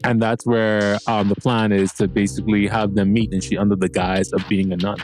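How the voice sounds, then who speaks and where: A man hosting a podcast, recapping a TV episode in a rambling, profane, excitable way and acting out characters' lines. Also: fairly low pitch, brisk, faint music behind. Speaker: podcast host.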